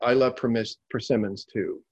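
A man voicing a big, drunk laborer who talks loudly and roughly. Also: mid-range voice, expressive, takes it slowly, dry recording, lo-fi sound. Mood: sorrowful. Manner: loud and hostile, then broken.

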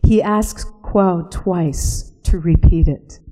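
A woman narrating a reflective spoken essay, slow and hushed, sometimes dropping to a whisper. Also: fairly low pitch, long reverb tail, low-quality recording.

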